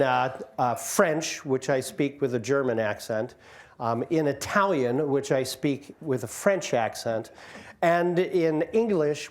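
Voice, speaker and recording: A man in his sixties, a guest speaker telling jokes and stories about his career to a community audience on a microphone. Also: fairly high pitch. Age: 60s. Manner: joking, self-deprecating storyteller. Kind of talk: informal talk to an audience. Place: community hall.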